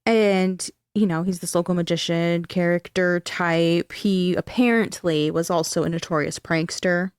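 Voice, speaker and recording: A woman's voice: fairly low pitch, steady tone, measured pace, hardly any pauses, a little mellow, clean tone, no room sound, clean studio sound. A young woman podcast host telling a spooky local legend in casual, swear-filled chat. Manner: chatty, swears freely, tells the story.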